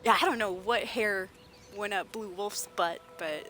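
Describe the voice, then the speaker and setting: A woman's voice: medium pitch, unhurried, soft background music. A young adult woman streaming a game, chatting casually and acting out the people she quotes as she tells her stories. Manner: animated storytelling, acts out the people she quotes. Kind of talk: casual livestream chat.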